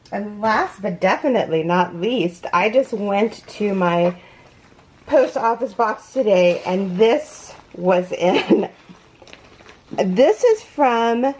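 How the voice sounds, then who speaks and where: A woman's voice: medium pitch, a little mellow. A woman hosting a crochet unboxing vlog, gushing and awed, gasping and close to tears. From California. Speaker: crochet channel host.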